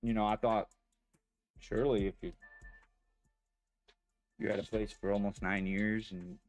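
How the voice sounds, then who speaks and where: A man telling a personal story in a halting, rambling way, pausing as the emotions come back. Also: on the low side, steady tone, a little mellow, soft background music. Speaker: vlogger.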